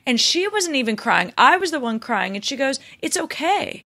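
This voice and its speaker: A woman's voice: sits high, sing-song, a little fast, pushed and bright. A woman doctor hosting an interview podcast, talking effusively and retelling stories with animation. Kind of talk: conversational interview.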